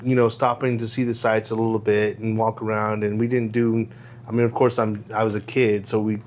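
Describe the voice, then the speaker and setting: A man's voice: fairly low pitch, flat delivery, a little fast, darkish tone, a little hiss or hum. A man from Houston hosting a casual podcast, rambling through a story with restarts and frequent laughs. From Houston, Texas. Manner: rambling, self-correcting storyteller who laughs often. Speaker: podcast host.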